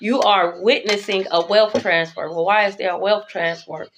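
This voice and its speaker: A woman's voice: mid-range voice, fairly even intonation, moderate pace, background noise. Blunt, profane woman tarot reader. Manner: blunt, profane and emphatic, repeating "okay?". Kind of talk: spiritual channeled message.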